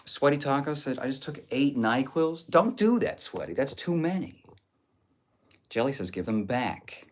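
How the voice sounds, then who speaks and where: A man's voice: medium pitch, lively intonation, unhurried. A man streaming live, reading viewer comments aloud and answering with crude, jokey banter. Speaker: livestreamer reading chat. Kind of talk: casual livestream chat.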